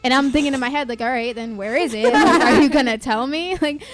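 High-voiced young woman, rambling chat. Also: a little fast. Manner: rambling, many "like" fillers. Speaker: guest poet. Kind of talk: casual chat and poem recital. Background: faint jazz music.

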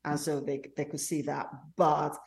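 A middle-aged Nigerian woman, Igbo her first language, telling stories in an interview with thoughtful pauses. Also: low voice, little pitch movement, creaky, a little mellow. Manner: thoughtful, storytelling with hesitations. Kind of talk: casual interview.

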